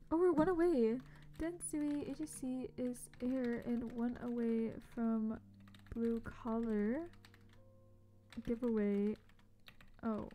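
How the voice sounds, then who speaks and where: A young woman streaming a game, chatting casually and bubbly with her viewers, often dropping to a soft whisper. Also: fairly high pitch. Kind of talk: casual livestream chat. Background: faint background music.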